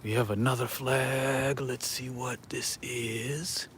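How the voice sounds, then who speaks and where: A man's voice: mid-range voice, little pitch movement, slow pace, a bit bright, slight background noise. A man hosting a walking livestream outdoors on a city street at night, chatting straight to his viewers and chuckling often. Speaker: livestream host. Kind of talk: casual walking livestream chat.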